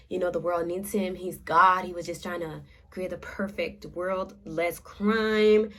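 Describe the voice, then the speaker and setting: A young woman, casually retelling an anime plot in a chatty, animated way with filler words, in a room at home. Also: fairly low pitch, unhurried, few pauses. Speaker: makeup vlogger. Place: home room with a ring light.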